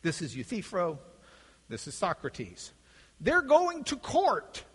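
Animated high-voiced lecturing man. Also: slow, slightly rough. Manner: animated, acts out voices in quotes. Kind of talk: classroom lecture. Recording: echoey hall.

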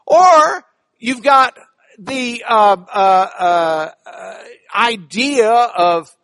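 A man's voice: high voice, lively intonation, extremely slow, gravelly, bright, forceful tone. A man teaching a church Bible class in a playful, joking way, spelling out words.

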